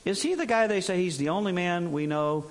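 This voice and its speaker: A middle-aged man preaching in a relaxed, conversational way, his voice sitting a bit high. He cracks jokes and now and then bursts into exaggerated, mocking impressions of other preachers. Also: a little fast. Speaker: pastor. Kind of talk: sermon.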